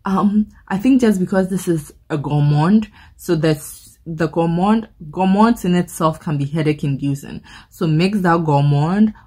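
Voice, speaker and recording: A woman's voice: on the low side, unhurried, mellow, husky. A woman reviewing perfumes in a casual, chatty vlog, rambling into playful movie comparisons and often repeating words as she restarts. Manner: frequent word repeats and restarts.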